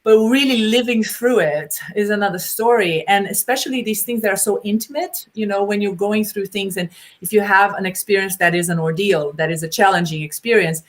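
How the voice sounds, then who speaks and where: Middle-aged woman educator, informal Q&A guest; animated, acts out quotes, mid-pitched voice. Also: fairly quick, few pauses. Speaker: BDSM educator. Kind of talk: informal Q&A discussion.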